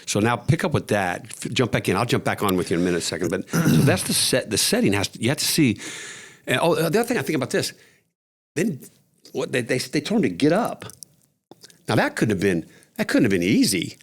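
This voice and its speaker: A man's voice: medium pitch, a little fast, slightly rough. A man co-hosting a faith podcast, retelling scenes vividly and animatedly. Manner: animated, vivid storyteller, voice rises when excited. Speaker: podcast co-host. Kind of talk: casual faith discussion.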